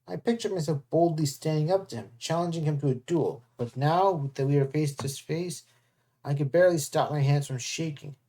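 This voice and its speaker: A reader narrating a novel aloud in the first person, reading it plainly with the odd stumble. The voice sits at a middling pitch, neither high nor low. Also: normal speed, dark tone.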